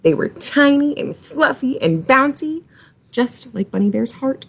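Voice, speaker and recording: A woman reading a children's story aloud for library storytime, in an expressive, animated way. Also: medium pitch, normal speed, breathy edge.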